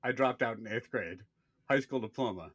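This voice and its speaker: Man, thirties, podcast co-host, storytelling, acted-out quotes, swearing, mid pitch, dry close sound. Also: moderate pace, no echo. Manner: animated storyteller, acts out quoted people, swears freely. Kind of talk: casual storytelling chat.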